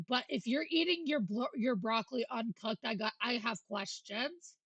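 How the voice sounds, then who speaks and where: Casual sweary woman streamer, high and husky, dry close mic. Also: normal speed, no echo, dull audio. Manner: animated, profane, joking. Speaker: livestreamer.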